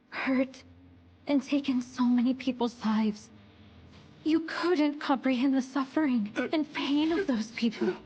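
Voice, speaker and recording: A woman voicing a calm, compassionate young queen in an anime dub, speaking gently and earnestly. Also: high-pitched, dull audio, a little hiss or hum. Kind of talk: English anime dub acting.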